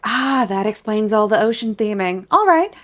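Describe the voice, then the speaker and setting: A woman's voice: medium pitch, expressive, moderate pace, a bit bright, lightly acted. A woman voicing a friendly young male candy-shop owner, chatty and welcoming.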